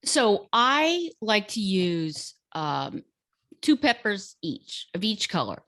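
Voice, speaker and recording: A woman in casual chat, explaining a home recipe step by step in an unhurried, hesitant way with many fillers. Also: medium pitch, big pitch swings, fairly bright tone, no room sound, studio quality. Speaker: guest cook sharing a recipe.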